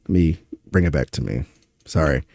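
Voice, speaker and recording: A man's voice: very deep voice, expressive, moderate pace, vocal fry, a little mellow, dry recording, clean studio sound. A young man from Louisiana with a Louisiana accent, exasperated and profane, ranting through a reaction stream. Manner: exasperated, profane, rhetorical questions.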